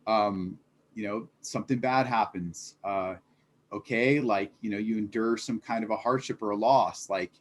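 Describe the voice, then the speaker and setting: A man's voice: lowish voice, moderate pace, a little hiss or hum. A man speaking as an interview guest, earnest and reflective, leaning on fillers as he explains his ideas. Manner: earnest, reflective, many fillers like "like" and "you know". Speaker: fitness business founder, guest. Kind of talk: casual interview chat.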